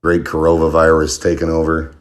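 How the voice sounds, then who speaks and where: A man's voice: very deep voice, completely flat delivery, a little fast. A man leaving a recorded voice message for a podcast, ranting in a wound-up, profane way. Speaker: listener sending an audio comment.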